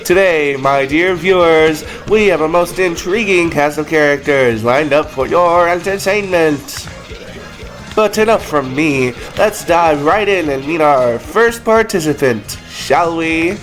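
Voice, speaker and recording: A man's voice: fairly high pitch, a bit bright, faint music behind. Man doing a grandiose sinister game show host. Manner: slow, drawn-out showman delivery. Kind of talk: reading game dialogue aloud.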